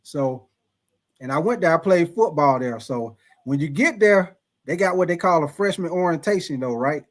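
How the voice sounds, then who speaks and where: A man's voice: fairly high pitch, normal speed. A man hosting a livestream, casually telling a profane story to his chat, laughing often and calling out viewers by name. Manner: animated, laughing, profane, calls out chat names. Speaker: livestream host.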